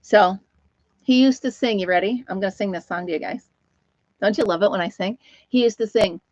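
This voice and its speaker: A woman's voice: mid-range voice, a little fast, a little mellow, no room sound, dull audio. A middle-aged woman with an Upstate New York accent, hosting a casual live chat, laughing often and talking to her dog and viewers. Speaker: livestream host.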